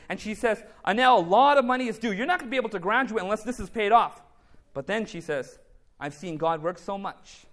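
A man giving a faith testimony preaches in a very high, slightly bright voice. He relates his story through reported dialogue and calls out to the congregation.

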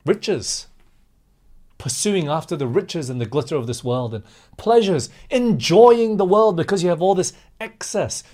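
A man's voice: sits high, darkish tone. A man preaching a sermon with impassioned, rising and falling emphasis, addressing his listeners as friends.

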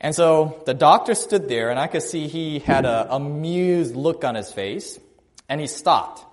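A man preaching a sermon, telling a personal story in a conversational way and shifting his loudness and pace for emphasis. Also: a little high, expressive, unhurried.

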